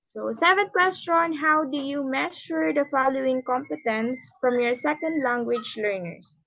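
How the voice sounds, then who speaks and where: A woman's voice: high voice, a little slow, creaky, pushed and bright, dry recording. A young woman student from the Philippines, politely reading interview questions. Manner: polite, formal. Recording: dry, muffled video call audio.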